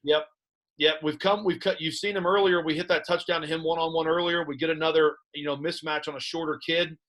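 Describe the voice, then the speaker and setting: A man who coaches high school football, breaking down game film in conversation and telling animated stories about his players and staff. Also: brisk. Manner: animated storyteller recounting sideline moments; plain coaching talk about play calls.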